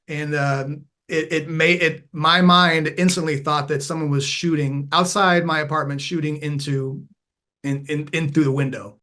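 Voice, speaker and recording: A man as a podcast guest, telling a candid personal story in an earnest, reflective way and often restarting his phrases. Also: a little high. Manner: animated when acting out past moments. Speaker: podcast guest, veteran turned mindfulness coach.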